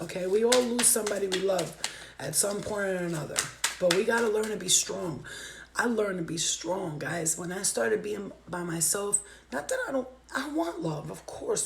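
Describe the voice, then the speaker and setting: A woman's voice: medium pitch, vocal fry, noisy background. A woman doing a spiritual reading on a livestream, talking to viewers in a heartfelt, emotional way and swearing freely. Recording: roomy echo.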